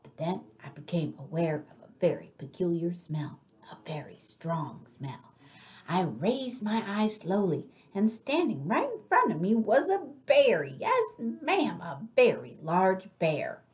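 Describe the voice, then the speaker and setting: A woman reading as a gentle old librarian. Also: lowish voice, sing-song. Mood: storytelling. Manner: slow, drawn-out storytelling with dramatic swells. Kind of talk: read-aloud storybook voice.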